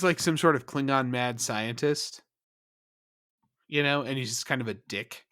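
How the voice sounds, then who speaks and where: A young man co-hosting a podcast, recapping an episode in animated, laughing chat and yelling out quoted lines. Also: mid-range voice, smooth. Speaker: podcast co-host.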